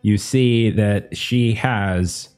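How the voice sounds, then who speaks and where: A man's voice: on the low side, very slow, a little mellow, clean tone, faint music behind. A man narrating a tabletop game as game master, describing scenes loosely with many fillers.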